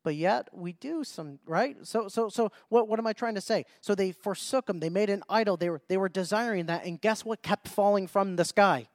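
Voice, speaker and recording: A man with a notably high voice preaches a sermon, pressing his listeners with rhetorical questions and circling back on his own phrases. The sound is dry and close, with no room around it. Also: moderate pace, hardly any pauses, no room sound. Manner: rhetorical questions and frequent restarts; reads scripture in old-fashioned biblical wording.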